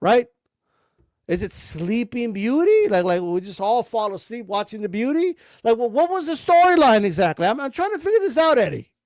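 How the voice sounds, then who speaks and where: A man with a strikingly high voice, ranting sarcastically and swearing freely. He keeps firing rhetorical questions at his target, and the sound is close and bone-dry. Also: very animated, moderate pace, darkish tone, dry recording. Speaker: boxing streamer. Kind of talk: heated rant.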